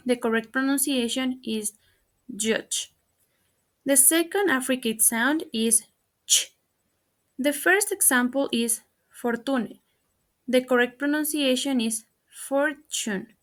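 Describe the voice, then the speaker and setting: A woman student presenting pronunciation examples in a slow, careful, formulaic recitation. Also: high voice.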